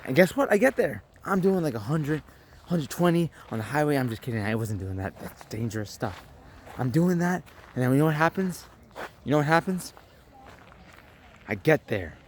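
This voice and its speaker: Young man telling a lively story. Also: mid-range voice, normal speed, pauses often, a little hiss or hum. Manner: animated storytelling, acting out his own lines. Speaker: vlogger. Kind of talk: storytelling vlog.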